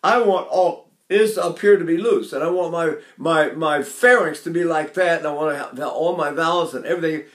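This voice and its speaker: A man's voice: a little high, normal speed, few pauses. Older male voice teacher in an echoey room. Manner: talks to his class, breaks into brief sung and nasal demonstrations. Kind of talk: vocal lesson with sung demonstrations.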